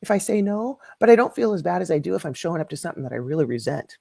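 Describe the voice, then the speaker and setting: A woman's voice: lowish voice, big pitch swings, rapid-fire, vocal fry, mellow, no room sound, studio quality. A woman who is a music educator, a podcast guest telling candid, self-mocking stories in casual conversation.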